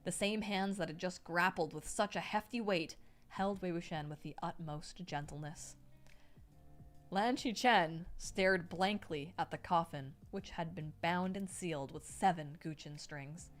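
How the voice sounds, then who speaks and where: A young woman streaming herself reading a novel aloud, breaking off to react excitedly, swear freely and thank donors. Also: lowish voice, a little slow, soft background music.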